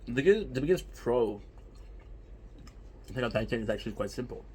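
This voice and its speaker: A man talking casually and with energy, his voice a little husky and grainy. He keeps stressing his points and asking rhetorical questions as he speaks straight to his audience. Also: mid-range voice, a little fast. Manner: animated, emphatic, with repeated rhetorical questions. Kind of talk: casual anime talk to viewers.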